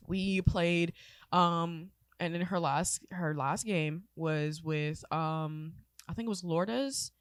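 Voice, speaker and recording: A woman's voice: fairly low pitch, takes it slowly, clean tone, dry recording, studio quality. A woman in her twenties co-hosting a casual podcast, rambling and swearing as she gets teary. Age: 20s. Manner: rambling, emotional, swears freely, tearful. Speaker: podcast co-host. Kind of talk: casual chat.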